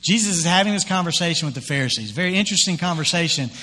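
A man preaching a sermon as pastor, retelling scripture in a conversational, animated way with acted-out quotes. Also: on the high side, very fast, in a large hall.

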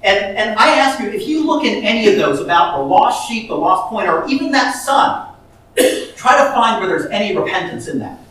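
A man's voice: high-pitched, sing-song, moderate pace, sharp tone. A man preaching a sermon, telling a story with many restarts and rising to emphatic peaks. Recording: echoey hall from far off.

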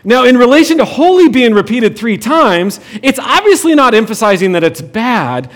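A man's voice: extremely high pitch, very animated, normal speed. A man preaching a sermon in a conversational way, with frequent restarts and light humor. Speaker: pastor.

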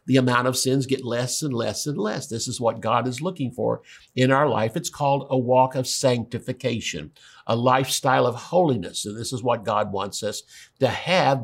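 A middle-aged man preaching a sermon, telling a story and jumping up in pitch to stress his points. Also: breathy edge. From Oklahoma. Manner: storytelling, with sudden pitch jumps for emphasis.

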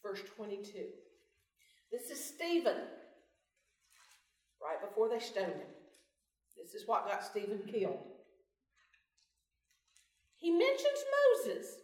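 A woman's voice: medium pitch, huge pitch swings, slow pace, pauses often, darkish tone. A woman giving a folksy devotional talk, asking her group questions, recorded in a meeting room away from the mic. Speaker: Bible study speaker. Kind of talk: devotional teaching. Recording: roomy, from far off mic.

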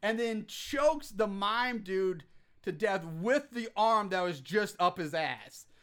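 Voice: medium pitch, expressive, takes it slowly, a bit bright. A podcast co-host recapping a film scene in casual chat, telling it graphically and acting out the quotes with laughs.

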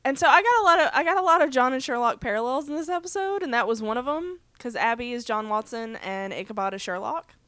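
A woman's voice: on the high side, fast, few pauses, no echo. Stuffy-sounding woman chatting on a podcast. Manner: chatty, animated, lots of fillers. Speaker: podcast co-host. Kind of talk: casual chat recapping a TV episode.

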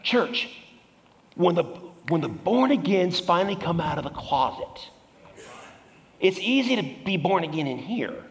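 A male pastor preaching a fervent sermon to a congregation in a large church auditorium, swinging from shouts to hushed asides. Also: sits high, sing-song, normal speed. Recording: reverberant hall.

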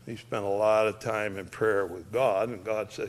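An older man speaking plainly and gently, telling stories about death and dying with many pauses. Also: on the low side, steady tone. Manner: folksy, plain-spoken, gentle with frequent pauses. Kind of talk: casual storytelling talk.

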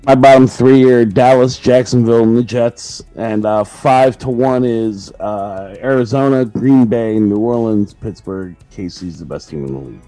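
A man's voice: mid-range voice, normal speed, hardly any pauses, warm tone, dry recording, faint music behind, low-quality recording. A man co-hosting a sports podcast, giving blunt, emphatic opinions. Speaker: podcast co-host. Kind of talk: casual sports chat. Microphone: remote call mic.

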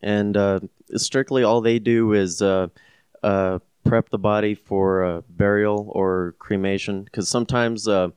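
A man's voice: fairly low pitch, fairly even intonation, unhurried, darkish tone, clear, resonant tone, no echo. A man who works at a funeral home, a podcast guest explaining his work in casual chat with fillers.

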